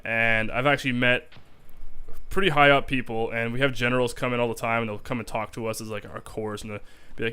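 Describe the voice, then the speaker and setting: A young man rants casually to camera, cursing constantly and piling on emphasis. His voice is smooth and resonant, sitting at an everyday middle pitch. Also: flat delivery, a little fast, sharp tone. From Canada. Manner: profane, rambling, emphatic. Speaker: army reservist vlogger. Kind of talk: casual vlog rant.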